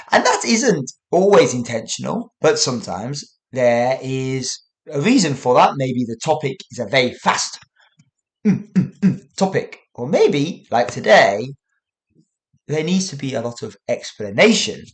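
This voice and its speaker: A man hosting an English-learning podcast, speaking slowly and deliberately so listeners can follow. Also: mid-range voice, very animated. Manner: deliberate, with long pauses. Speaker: podcast host and English teacher. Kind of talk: slow, clear podcast talk for learners.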